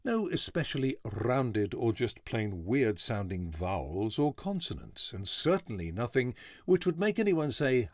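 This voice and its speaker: A voice artist with a neutral British English accent delivering a scripted spoken essay in a clear, well-enunciated, dry and wry way. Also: male voice, mid-range voice, sing-song, measured pace, dry recording. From England.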